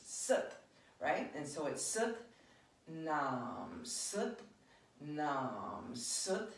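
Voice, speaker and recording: A woman teaching a yoga class, guiding gently and unhurried with frequent fillers, recorded from a distance in an echoey room. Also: sits low. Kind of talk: guided yoga instruction.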